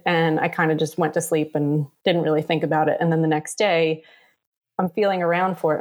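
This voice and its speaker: A woman in her thirties with a slightly low voice tells her own story in a relaxed, chatty way. She fills it with "um" and "like" and briefly acts out the other people's voices as she goes. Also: fairly quick. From New York area. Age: 30s. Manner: chatty, many fillers, acts out quoted voices. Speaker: guest telling her story. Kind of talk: casual personal storytelling.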